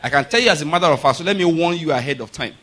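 A male preacher races through his sermon in a fairly high-pitched voice with lively intonation. He repeatedly asks the congregation if they're with him, growing emphatic until he reaches loud, forceful declarations.

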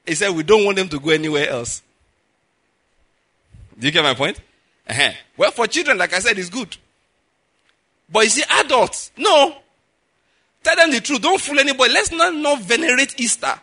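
A middle-aged male pastor preaching a sermon, pushing his voice higher and louder to stress his points. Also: animated, moderate pace, long pauses. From Nigeria. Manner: emphatic, rises in pitch and volume to stress points.

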